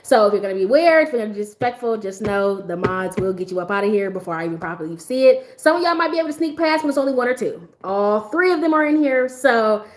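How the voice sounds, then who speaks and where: A woman's voice: medium pitch, lively intonation, quick pace, hardly any pauses, a little hiss or hum. A woman hosting a casual livestream, laughing often as she tells stories and answers her chat. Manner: laughs often, talks straight to chat, storytelling. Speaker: livestream host.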